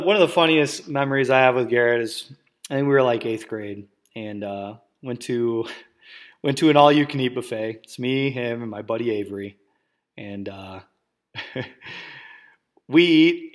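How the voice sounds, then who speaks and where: Brief: male podcast host from Wisconsin, loose chatty storyteller, mid-pitched, lots of ums and laughs, swears freely. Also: moderate pace. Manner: rambling, full of fillers, laughs and swearing. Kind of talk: casual storytelling.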